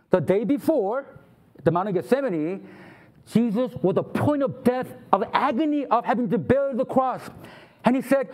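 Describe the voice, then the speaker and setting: A man's voice: very high voice, lively intonation, unhurried. A man preaching a sermon, acting out the voices of God and of people who complain to Him. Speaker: pastor.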